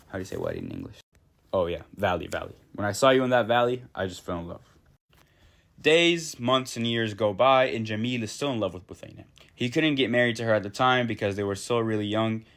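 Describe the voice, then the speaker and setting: A man casually retelling an old love story in a slangy, chatty way. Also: medium pitch.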